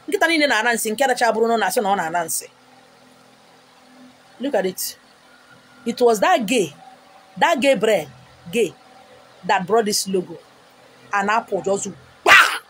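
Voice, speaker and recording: A middle-aged woman with a Nigerian accent, delivering a loud, scolding vlog rant with sudden high outbursts. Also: expressive, moderate pace, long pauses, slightly rough. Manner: wears a wig on camera. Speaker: vlogger. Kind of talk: ranting vlog monologue.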